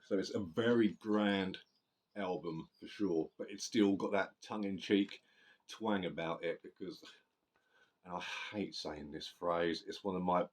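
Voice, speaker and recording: Deep-voiced man, casual album review, rambling, sweary, self-correcting.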